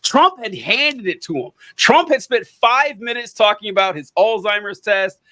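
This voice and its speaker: Bright-voiced excitable man chatting. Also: high-pitched, normal speed, no room sound. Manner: excitable, laughs between remarks. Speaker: livestream co-host. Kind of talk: casual political debate chat.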